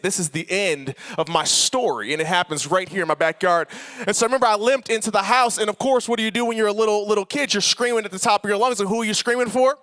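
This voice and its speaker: Young male speaker, high and bright voice, lively storytelling sermon, playful. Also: clean tone. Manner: animated, playful, shifts between loud and soft. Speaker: conference speaker. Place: large hall with live audience.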